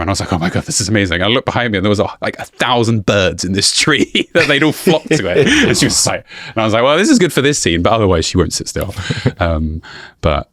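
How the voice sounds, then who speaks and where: A man as a podcast guest, telling animated stories in casual interview chat and laughing often. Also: lowish voice, no echo, studio quality. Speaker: YouTuber guest.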